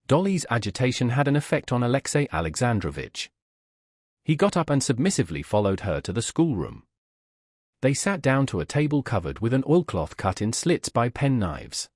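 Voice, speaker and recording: A man reads a classic novel aloud in steady, scripted narration. His voice is husky and mid-pitched, with animated intonation. The recording is dry and close, with no room sound. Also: moderate pace, dry recording. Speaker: audiobook narrator.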